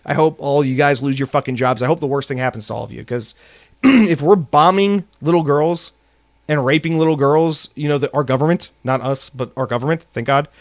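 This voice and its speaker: A man's voice: on the high side, a little fast, no room sound, clean studio sound. A man hosting a solo podcast, from the United States, ranting angrily with heavy profanity. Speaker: podcast host.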